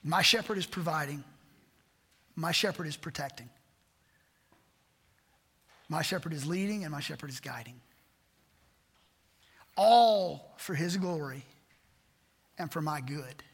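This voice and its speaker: A man's voice: fairly high pitch, normal speed, pauses often, pushed and bright, slightly rough. A man pastor preaching a sermon, earnest and repetitive, asking rhetorical questions. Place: church sanctuary. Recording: church hall reverb.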